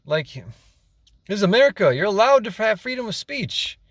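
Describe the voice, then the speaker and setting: A man's voice: high voice, expressive, moderate pace, fairly bright tone, dry recording. Exasperated young man ranting, dry sound. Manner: exasperated, rambling, repeats himself and swears. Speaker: vlogger. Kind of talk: casual rant to camera.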